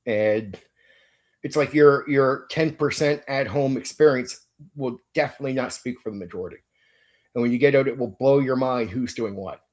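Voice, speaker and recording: A man's voice: mid-range voice, fairly quick, darkish tone. Blunt, swearing man ranting. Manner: blunt, profane, repeats himself. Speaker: tabletop RPG channel host. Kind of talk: casual opinion rant to a viewer.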